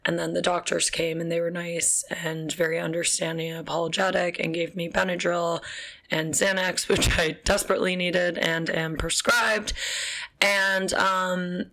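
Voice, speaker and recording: Creaky low-voiced young woman vlogger. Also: level tone, normal speed, pushed and bright. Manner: chatty, frequent fillers and laughs, swears casually. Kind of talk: casual storytelling.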